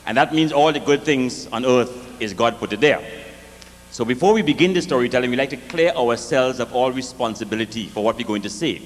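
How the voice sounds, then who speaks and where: A man with a West Indian accent performing a live comic storytelling set, lively and jokey, with sing-song swings in pitch. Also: fairly quick, big-room sound, a little hiss or hum. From West Indies.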